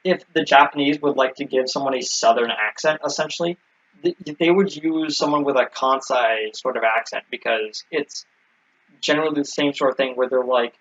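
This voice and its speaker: A man's voice: medium pitch, moderate pace, fairly bright tone. A man co-hosting a casual recap chat, explaining things with many ums and restarts. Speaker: podcast co-host. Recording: dull lo-fi recording.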